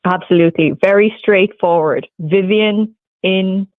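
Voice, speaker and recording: A woman's voice: medium pitch, dry recording. Young Cork Irishwoman on a tinny phone line. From Ireland. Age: young adult. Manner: lively, good-humoured, quick. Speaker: guest on a radio show. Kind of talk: casual interview chat.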